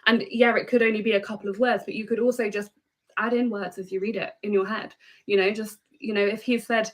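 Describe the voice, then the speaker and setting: A woman's voice: medium pitch, fairly even intonation, fairly quick, low-quality recording. A woman co-hosting a live stream, talking in a chatty, rambling way with many fillers.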